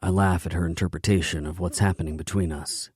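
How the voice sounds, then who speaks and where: Deep, dark-voiced male audiobook narrator. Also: steady tone, fairly quick, husky, dry recording. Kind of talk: scripted romance audiobook narration.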